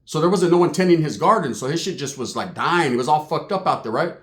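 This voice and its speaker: A man tells a story in a lively, animated voice. He sits a bit high and swears freely in street slang. The room gives a roomy echo. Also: fast. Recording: echoey room.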